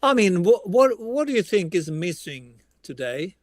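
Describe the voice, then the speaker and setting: A man's voice: sits high, sing-song, measured pace, dry recording. A man with a Swedish accent, a guitarist guest talking casually in an interview, rambling with frequent restarts. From Sweden.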